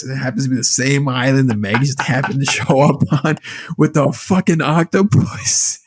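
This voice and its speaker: A man's voice: fairly high pitch, normal speed. A man co-hosting a podcast, ranting about a movie in casual chat, swearing often and telling it with incredulous energy. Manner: animated, swearing, incredulous storytelling. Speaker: podcast co-host.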